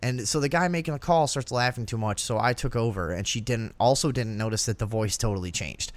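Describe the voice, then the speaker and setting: Young male host, casual, profane storyteller, mid pitch, dry close mic. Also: brisk, no echo. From Downers Grove, Illinois area. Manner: profane, laughing, acts out voices in anecdotes. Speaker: podcast host.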